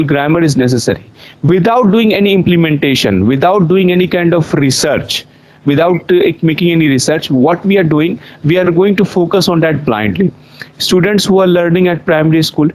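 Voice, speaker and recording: Heard over a rough recording, this fairly high-pitched, darkish voice belongs to a young Indian man with an Indian accent. He is an English teacher responding to interview questions, explaining earnestly and going over his points more than once.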